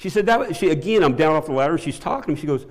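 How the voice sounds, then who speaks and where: Speaking before his church, a middle-aged man gives his testimony haltingly, restarting frequently and breaking into laughter. Excitement pushes his voice up in pitch and volume, and the audio has a big-room sound.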